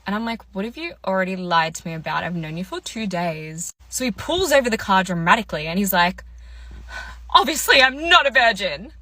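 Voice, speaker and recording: Young woman, casual storytime, chatty, exasperated, bright voice, dry close sound. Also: lowish voice, lively intonation, fast talker, hardly any pauses, dry recording. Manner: chatty, exasperated retelling with quoted dialogue.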